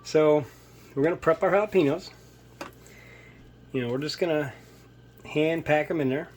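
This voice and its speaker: A man's voice: a little high, normal speed, a little mellow, a little hiss or hum. Chatty man hosting a home cooking video. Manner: rambling, chatty, self-mocking. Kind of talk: casual cooking demonstration. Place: home kitchen.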